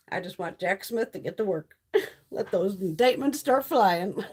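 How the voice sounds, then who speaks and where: A woman's voice: medium pitch, animated, normal speed, a little mellow, slightly rough. A woman hosting a casual live stream chat, ranting with frequent swearing and laughing often. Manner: profane, ranting, exasperated.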